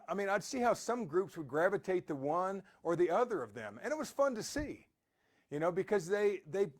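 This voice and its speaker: A man talks through a motivational podcast in a loose, rambling storyteller's way. His voice sits high and swings widely in pitch. He keeps circling back to his point with plenty of restarts. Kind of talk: motivational talk.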